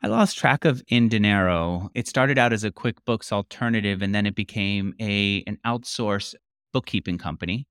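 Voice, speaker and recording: A man's voice: on the low side, normal speed, a bit bright, smooth, no room sound, clean studio sound. A man hosting a podcast interview, reflective and asking open questions. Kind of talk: interview conversation.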